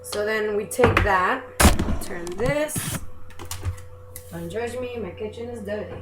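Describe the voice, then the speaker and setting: In an echoey home kitchen with noise in the background, a home cook vlogger chats casually through a cooking demonstration. Her mid-range voice moves slowly, and she pokes fun at herself and apologizes as she preps.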